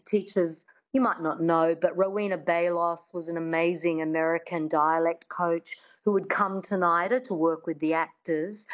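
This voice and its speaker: A woman speaks as a dialect coach, with a fairly low voice, slowing down to spell out sounds with care. The recording is a little dull and muffled. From Australia. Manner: articulate, demonstrates sounds slowly and precisely. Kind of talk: conversational interview, teaching.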